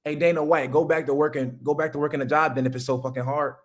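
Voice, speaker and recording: With a slightly high voice and fairly even intonation, this man speaks fast. He's a business coach hosting a livestream, and he rants at his chat viewers emphatically and profanely to fire them up about business.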